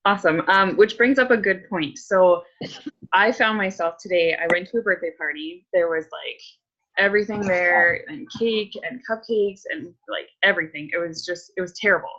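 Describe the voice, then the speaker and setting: A woman's voice: on the low side, normal speed, a bit bright, muffled recording. A woman coach leading a casual group check-in, chatty and candid, full of likes and ums.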